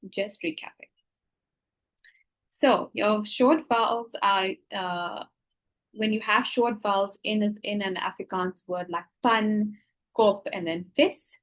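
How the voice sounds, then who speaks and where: A woman teaching a class who explains each rule step by step. She pauses to ask whether it is clear before she goes on. Her tone is patient and plain. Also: medium pitch, a bit bright, poor audio. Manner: patient, repeats "okay?" to check understanding. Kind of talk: explaining grammar rules to students.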